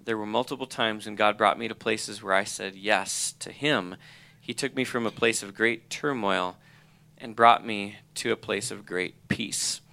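Middle aged guy reading his journal out loud, earnest, bright clear voice. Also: fairly low pitch, a little slow. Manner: earnest, reflective, reads his own journal aloud. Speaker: college president or ministry leader. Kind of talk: personal testimony reading from a journal.

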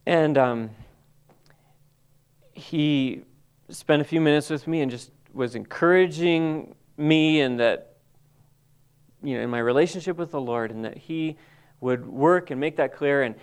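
A middle-aged man telling a halting, emotional personal testimony to a group, full of restarts and pauses. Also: fairly high pitch, clean tone. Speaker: Bible college staff member.

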